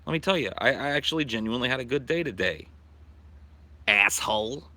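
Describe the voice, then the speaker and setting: A man rambles through casual livestream chat, swearing freely and in a loose, easygoing way. His voice is bright and forward, with a middle pitch. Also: lively intonation, rapid-fire. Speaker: streamer. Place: backyard at night, outdoors.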